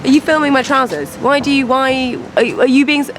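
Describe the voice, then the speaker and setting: A woman's voice: high-pitched, fairly quick, background noise. A woman producer in an improvised mockumentary, flustered and exasperated, often repeating herself.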